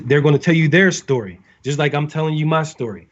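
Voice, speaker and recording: A man's voice: mid-range voice, fairly quick, hardly any pauses, dull audio. A man, a navy sailor, giving casual advice to recruits, talking in a rambling way with many fillers and restarts.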